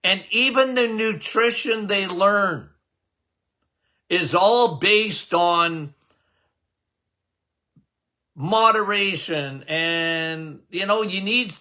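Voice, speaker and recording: A man's voice: high-pitched, very slow, bright, forceful tone. An older man, a doctor hosting a podcast, talking casually and emphatically to his listeners, repeating himself for effect. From Canada. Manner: emphatic, repetitive, folksy, addresses listeners as guys. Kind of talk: casual health talk to listeners.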